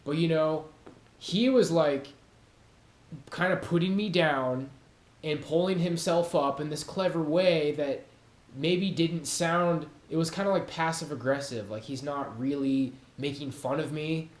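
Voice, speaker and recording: A man's voice: a little high, measured pace, echoey room. A man hosting his own channel, talking casually and rambling, swearing often and laughing at his own jokes. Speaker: YouTube channel host. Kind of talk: casual monologue to camera. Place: home room with cats.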